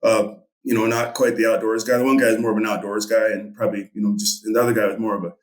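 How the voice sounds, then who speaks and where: A man's voice: on the low side, level tone, quick pace, echoey room. A middle-aged man and fishing guide, telling a story casually in a rambling way with many fillers. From Montana.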